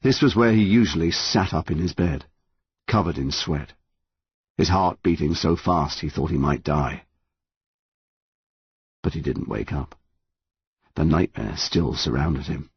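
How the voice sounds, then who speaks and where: A man's voice: rumbling low, a little slow, long pauses, slightly rough, no echo, dull audio. A man narrating an audiobook in a dramatic, tense reading. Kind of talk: scripted narration.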